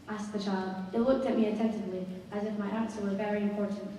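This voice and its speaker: Woman reading a ghost story, expressive, mellow voice, far off in an echoey concert hall, faint ambience. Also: mid-range voice, fast, slight background noise. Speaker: story reader.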